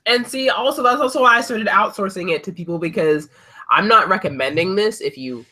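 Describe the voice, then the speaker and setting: A man hosting a casual podcast, his voice bright and a touch high. He rambles through his points with lots of fillers and restarts, in a relaxed group-chat style. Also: fairly quick. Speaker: podcast host.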